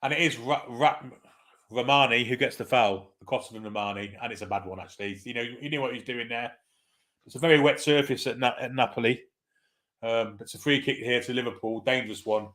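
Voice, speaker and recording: A man hosts a live football watchalong stream, giving casual play-by-play, swearing freely, and reading out viewer comments. His voice is medium-pitched and a bit bright, and he talks fairly quickly.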